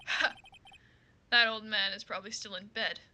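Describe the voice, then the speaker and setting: A woman voicing a smug, flirtatious male lawyer in a game who talks in a smooth, teasing, self-assured way. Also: mid-range voice, steady tone, moderate pace, bright, forceful tone, slight background noise, pitched below the performer's own voice.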